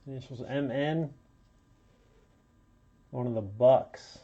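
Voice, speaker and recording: A man hosts a card break, slowly calling out each pull in a medium-pitched, dark voice with chatty asides along the way. He sounds a bit under the weather, and the recording is muffled.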